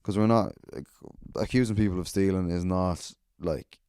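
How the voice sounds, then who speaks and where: A low, mellow-voiced Irish man in his thirties hosts a solo podcast. He tells stories in a rambling, sardonic way, swearing freely and circling back on himself. The sound is dry and close to the mic. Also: normal speed, clean tone, no echo. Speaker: podcast host.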